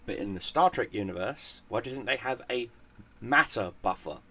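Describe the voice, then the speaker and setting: A man's voice: medium pitch, expressive, normal speed, fairly bright tone. A man hosting a gaming channel, telling a casual story in a profane, rambling way and repeating words as he goes.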